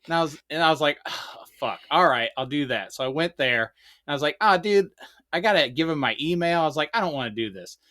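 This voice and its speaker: A loud man co-hosts a casual podcast and tells stories with lots of energy and plenty of swearing. His voice sits a bit high and comes out bright and tense. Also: fast talker. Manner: loud, profane, animated storytelling. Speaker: podcast co-host. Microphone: remote podcast mic.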